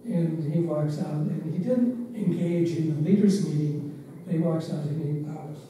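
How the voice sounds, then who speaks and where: An older man, once a driver and staff member, reminiscing in unhurried, reflective anecdotes with pauses. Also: fairly high pitch, dark tone. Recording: roomy, distant mic, faint background noise.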